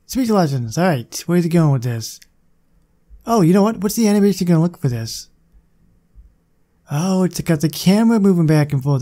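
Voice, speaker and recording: A young man giving casual, excitable commentary on his gameplay and chatting to viewers. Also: a little high. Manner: excitable, chatty, talks to the game. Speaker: gaming channel host.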